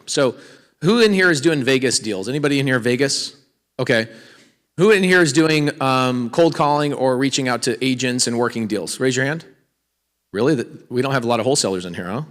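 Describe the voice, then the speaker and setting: Man lecturing a seminar crowd in a hall. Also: medium pitch. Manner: energetic, quizzing the crowd with questions. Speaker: real estate speaker. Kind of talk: live seminar talk to an audience. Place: large hall with an audience.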